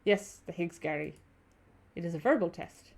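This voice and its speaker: A woman's voice: lowish voice, moderate pace, vocal fry. A woman doing a stiff German tourist. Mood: solemn. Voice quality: half-hearted German accent. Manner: formal, clipped and probing. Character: stiff formal male tourist passenger.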